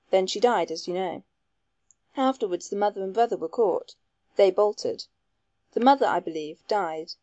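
A woman reading the part of a shrewd male investigator who explains his case in a measured, earnest way. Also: mid-range voice, warm tone, no room sound, muffled recording, natural voice.

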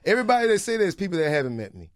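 A man's voice: high-pitched, big pitch swings, racing, no echo, clean studio sound. A man from Florida, a comedian, talking bluntly in a casual interview and acting out what people said. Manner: blunt, laughing, acts out quoted voices. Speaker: comedian and guest.

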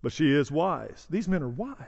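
A man's voice: on the high side, sing-song, normal speed, vocal fry, a little mellow, big-room sound, lo-fi sound. A man preaching a sermon in a conversational way, acting out the voices of bystanders in the story. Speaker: pastor. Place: church sanctuary.

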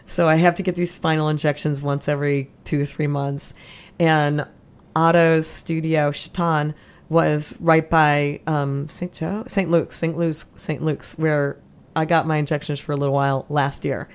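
A woman with a slightly low voice chatting with a co-host. She tells her stories with animation, acting out what people said and breaking into laughs and gasps. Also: a little slow, clear, resonant tone. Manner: animated storyteller, acts out quotes with laughs and gasps. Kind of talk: casual conversation.

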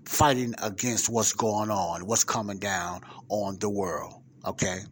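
Low-voiced emphatic man hosting a podcast. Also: fairly even intonation, unhurried, a little hiss or hum. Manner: emphatic, repeats rhetorical questions to the listener. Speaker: podcast host. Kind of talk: casual commentary on a played clip.

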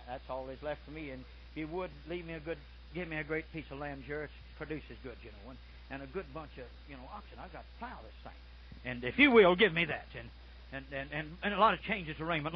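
An older man preaching a folksy sermon, dropping to soft murmurs and then shouting out his stories. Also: on the high side, slight background noise. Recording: muffled lo-fi recording.

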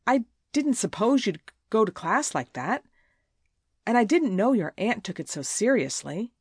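A woman's voice: medium pitch, big pitch swings, measured pace, darkish tone, breathy edge, no room sound, clean studio sound, pitched above the performer's own voice, full character voice. A woman voicing a crafty, whining teenage schoolgirl who pleads and stammers tearfully in a storybook reading.

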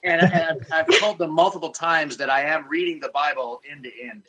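A man's voice: fairly high pitch, steady tone, brisk, a crowd in the background, low-quality recording. A middle-aged man who is a listener guest, chatting casually and hesitating with fillers. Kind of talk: casual chat.

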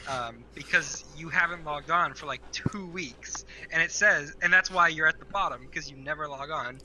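Podcast co-host, male, slightly high, very bright tone, rambling and filler-heavy. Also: moderate pace, slight background noise, rough recording. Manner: rambling, with many fillers and restarts. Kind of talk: casual chat.

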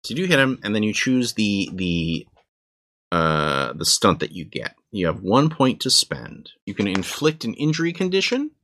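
A man running a tabletop game as game master, explaining rules in a halting way with lots of fillers and restarts. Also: lowish voice, big pitch swings, fairly bright tone, a little hiss or hum.

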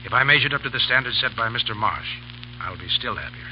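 A man's voice: medium pitch, expressive, fast talker, sharp tone. A man giving a modest, courteous thank-you speech on 1930s radio. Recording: scratchy 1930s radio broadcast.

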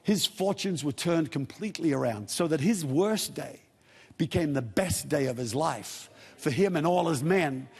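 Husky-voiced man preaching in a hall. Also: a little high, expressive, moderate pace, a little mellow. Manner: storytelling, retells scripture in casual modern words. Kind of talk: sermon.

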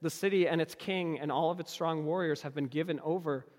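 A man preaching a sermon as a story, acting out the people in it with his voice rising high and dropping low. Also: brisk, a little mellow, long reverb tail.

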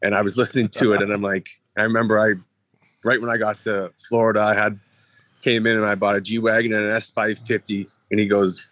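A man, a former hockey player, talking in a halting podcast chat full of fillers and restarts. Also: lowish voice, level tone, fairly bright tone. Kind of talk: casual podcast talk.

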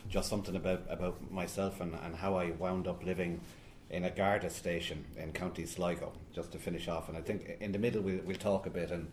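A very deep-voiced man with a Limerick Irish accent reads his fiction aloud at a live event. He drops into a slow, theatrical delivery full of relish. The room around him is echoey, with a faint hum of ambience. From Limerick, Ireland. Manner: slow dramatic theatrical reading with lively bursts. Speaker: author reading his novel. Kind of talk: live reading and talk.

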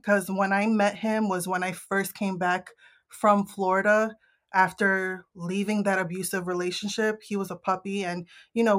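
Blunt, profane woman telling a story. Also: medium pitch. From Northeast US. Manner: blunt, profane, animated retelling with acted-out quotes. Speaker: podcast host. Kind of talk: candid personal storytelling.

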